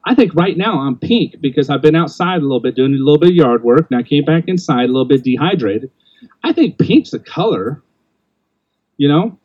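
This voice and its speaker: Blunt older man, dark dull sound. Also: fairly high pitch, animated, fairly quick, no echo. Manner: blunt, rambling with many restarts. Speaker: podcast host. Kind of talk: casual opinionated chat.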